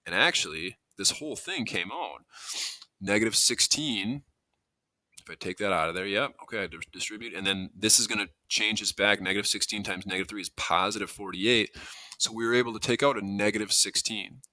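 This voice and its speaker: A man's voice: lowish voice, fairly quick, sharp tone, dry recording. A man teaching a math lesson, explaining steps in a conversational way, thinking aloud and correcting himself as he goes. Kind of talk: classroom lesson walkthrough.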